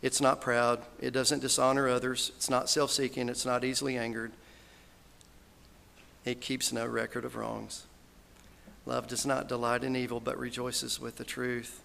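A man's voice: medium pitch, flat delivery, normal speed, vocal fry, sharp tone. A man giving a funeral sermon, earnest and folksy, quoting scripture. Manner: earnest, folksy, quotes scripture and others with rising emotion. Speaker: minister giving a funeral eulogy. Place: church hall. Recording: hall reverb, faint background noise.

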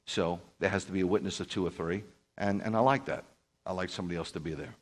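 A man's voice: sits low, fairly even intonation, fast. A man, a Messianic rabbi, telling a story to a group in an emphatic sermon style and acting out quoted dialogue. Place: speaking live to a group.

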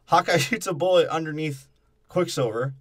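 A man co-hosting a podcast, chatting casually and crudely about a movie and mocking its characters in quick put-on voices. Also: fairly high pitch, fairly bright tone. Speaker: podcast co-host. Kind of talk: casual movie review chat.

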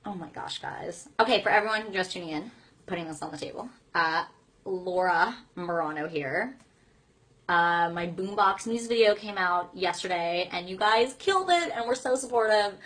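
A woman's voice: fairly low pitch, animated, moderate pace, fairly bright tone. A young woman in her twenties chatting casually with fans on a livestream, bubbly and gushing. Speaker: singer on a fan livestream.

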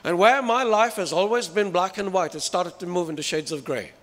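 A man's voice: high voice, fairly quick, a bit bright. A man preaching a sermon with emphasis, putting rhetorical questions to his listeners. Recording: reverberant hall.

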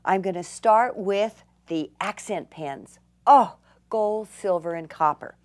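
A woman's voice: mid-range voice, slow pace, darkish tone. An older woman demonstrating a craft technique, gushing with enthusiasm and dropping to delighted whispers. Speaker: craft instructor.

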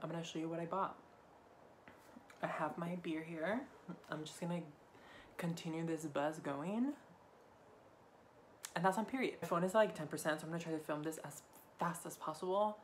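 A man's voice: a little high, normal speed, long pauses, slight background noise. A young man hosting a casual shopping haul vlog while tipsy, talking in a campy, profane and rambling way. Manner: rambling, offhand delivery. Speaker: haul vlogger.

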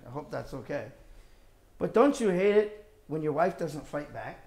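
A man preaching a sermon, emphatic and full of rhetorical questions, moving between loud stresses and quiet asides. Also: high-pitched, sing-song, normal speed.

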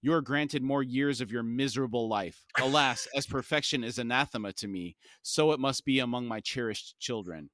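A man voicing a cruel, sickly male god who coughs as he laughs, reading a fantasy novel aloud in a low, slow voice. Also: fairly bright tone, dry recording, studio quality, close to an everyday voice. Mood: cold.

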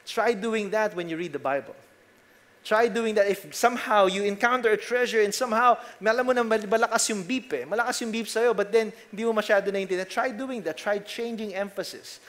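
A young man with a Filipino accent preaching a sermon earnestly, shifting emphasis and trailing off softly at the ends of phrases. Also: extremely high pitch, moderate pace. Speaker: pastor.

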